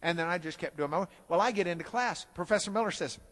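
Animated storytelling man in a reverberant hall. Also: high voice, fast. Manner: animated, self-deprecating storyteller. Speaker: Bible teacher. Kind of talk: storytelling lecture.

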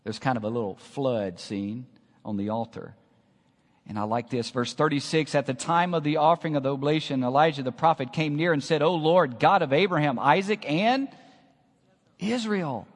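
Passionate preacher man, booming hall. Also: moderate pace. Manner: dramatic, swings from hushed to loud, calls the congregation to repeat. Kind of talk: sermon.

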